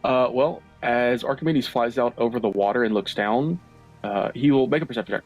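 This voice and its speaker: A man serving as game master, narrating a tabletop game at a measured pace, with lots of "uh" fillers and the odd swear. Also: medium pitch, highs cut off, faint music behind. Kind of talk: narrating a tabletop game over an online call. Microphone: online voice-chat mic.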